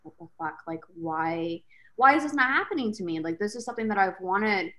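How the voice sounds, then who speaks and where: A woman's voice: medium pitch, brisk. Candid woman guest telling her story. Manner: candid, expressive storyteller who swears. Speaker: podcast guest, entrepreneur. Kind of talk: casual chat.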